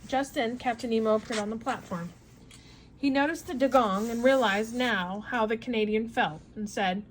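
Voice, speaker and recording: A woman reads a classic novel aloud in steady narration, stumbling now and then over a word. Her voice sits fairly high. A faint hiss runs under it. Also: moderate pace, low-quality recording. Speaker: reader.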